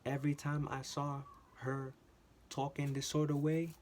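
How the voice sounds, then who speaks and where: A man telling a workplace story in a casual, animated monologue, often repeating himself for emphasis and swearing. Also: fairly high pitch, measured pace, slight background noise. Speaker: channel host.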